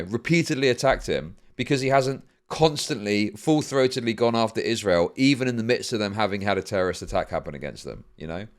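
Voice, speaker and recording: Brief: male streamer, mid-pitched voice, deadpan reading of donations, long rambling explanations. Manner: dry, repeats "indeed" flatly; explains at length with many fillers. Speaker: streamer reacting to a video.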